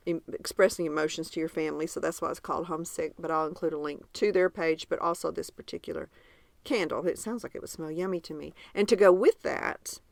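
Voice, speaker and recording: Gravelly low Southern woman, chatty. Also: fairly bright tone, no room sound. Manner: chatty, enthusiastic, describes gifts in detail. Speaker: podcast co-host. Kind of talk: casual podcast chat.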